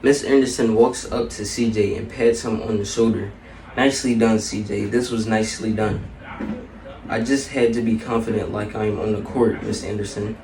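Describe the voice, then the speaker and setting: A man reading a children's story aloud in a steady, even storybook manner. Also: lowish voice, moderate pace, recorded from a distance, a little hiss or hum. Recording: echoey room, a bit off-mic.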